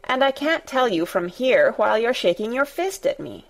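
A woman's voice: big pitch swings, normal speed. A woman voicing a fierce, stubborn young girl who speaks obstinately and indignantly. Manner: obstinate, indignant, raised pitch.

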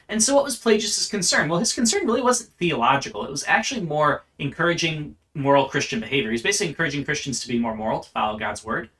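A man's voice: medium pitch, sharp tone. A man teaching church history in an unscripted lecture, earnest and explanatory, often restarting his phrases.

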